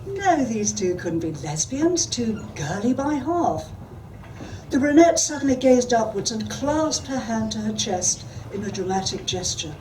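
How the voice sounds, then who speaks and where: A woman author reads her own prose with a measured delivery and answers questions firmly. She sounds distant from the microphone, and there is clear background noise at the event. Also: fairly high pitch, very animated, a little mellow. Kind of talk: reading fiction aloud at a panel. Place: event hall.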